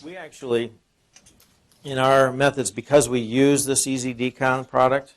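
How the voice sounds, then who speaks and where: Guy running a lunch seminar, mid-pitch voice, chatty, keeps asking the room questions. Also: flat delivery, moderate pace. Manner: conversational, rhetorical questions to the audience. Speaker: seminar presenter. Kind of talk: informal sales seminar talk.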